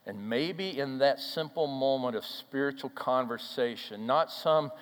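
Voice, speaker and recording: A male pastor preaching a sermon and telling a story, swinging from loud declarations down to soft, hushed lines. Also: mid-range voice. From Minnesota, USA. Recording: hall reverb.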